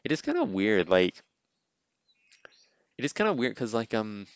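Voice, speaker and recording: A man's voice: fairly low pitch, sing-song, moderate pace, clear, resonant tone, dull audio. A man hosting a podcast, giving a casual, rambling reaction commentary on a movie, with lots of "like" and "you know.". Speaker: podcast host.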